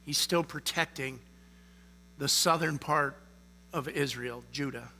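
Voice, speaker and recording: A man's voice: on the high side, slow pace, pushed and bright, a little hiss or hum. A man preaching a sermon in a casual, conversational way, often checking in with the listeners by asking "okay?". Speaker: lay preacher.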